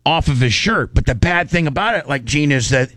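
A man's voice: a little high, fairly quick, no room sound. Brief: male radio host, rowdy storyteller, dry close sound. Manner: animated, raunchy, repeats himself. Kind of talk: casual storytelling chat.

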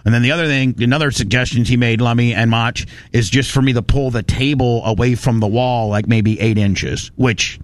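A man hosting a talk radio show, telling a story in a lively, ranting way and swearing now and then, recorded in a studio. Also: medium pitch, moderate pace, few pauses, no room sound. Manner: animated storytelling, ranting, profane. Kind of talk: casual studio chat.

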